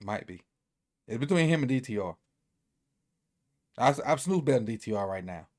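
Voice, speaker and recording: A man's voice: mid-range voice, lively intonation, moderate pace, darkish tone. Easygoing man rambling through a sports recap. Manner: loose, rambling, repeats himself, thinks aloud. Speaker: sports commentator.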